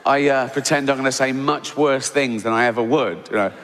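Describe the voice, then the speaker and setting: A man's voice: medium pitch, brisk, a little hiss or hum. Dry, mocking stand-up comedian, man. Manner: dry, mocking, acts out voices. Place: large venue with live audience. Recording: live hall reverb, loud crowd laughter.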